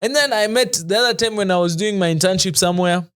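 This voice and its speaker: A man with a Kenyan accent co-hosting a podcast, a lively storyteller who often laughs and mixes slang into casual chat. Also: high voice, quick pace, clean tone. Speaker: podcast co-host.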